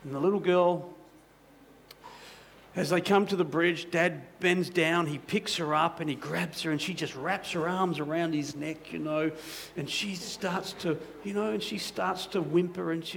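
A male pastor delivers a sermon in a chatty storytelling manner, tossing in frequent asides to the congregation. His voice sits a little high for a man and carries a gravelly texture, with a faint hiss underneath. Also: fairly even intonation, normal speed. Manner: conversational, many "you know" asides.

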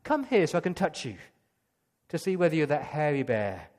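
Brief: old blind father played by a man, wary and probing, raised pitch, long hall reverb. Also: very animated, moderate pace, darkish tone. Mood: suspicious. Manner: wary questioning.

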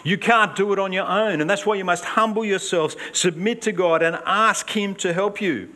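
A man preaching a sermon in an earnest, emphatic way, swinging between raised urgency and hushed emphasis. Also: high-pitched, normal speed.

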